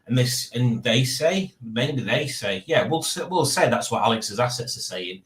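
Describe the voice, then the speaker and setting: A man's voice: medium pitch, animated, a little slow, fairly bright tone, reverberant. A man hosting a live-stream quiz in casual chat, rambling and jokey as he reads viewer comments aloud.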